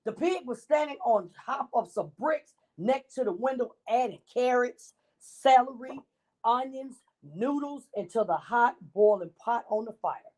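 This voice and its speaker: A woman reading a children's bedtime story in an expressive, animated way. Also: a little high, unhurried.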